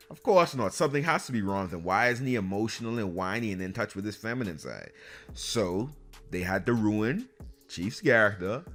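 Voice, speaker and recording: A man's voice: sits low, fairly bright tone. A man giving an exasperated, sarcastic ranting review of a video game series.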